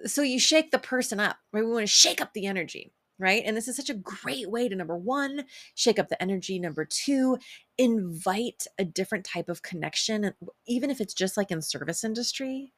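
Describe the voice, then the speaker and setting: A woman's voice: mid-range voice, animated, fairly quick, fairly bright tone, dry recording. A woman giving brash, profane self-help advice in a casual monologue, laughing often and quoting others in a playful sing-song.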